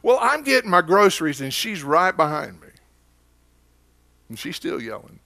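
A man's voice: on the high side, sing-song, normal speed, creaky, sharp tone. A man with an Oklahoma accent preaching a sermon as pastor, telling stories in a folksy, conversational way.

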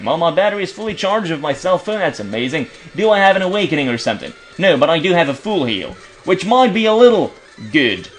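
A young man from Belgium narrates a video game in casual commentary, quick to swear when things go wrong. His voice jumps up and down in pitch, a bit on the high side, and soft game music plays underneath. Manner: frustrated, swearing, reads game text aloud in silly voices. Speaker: let's play commentator.

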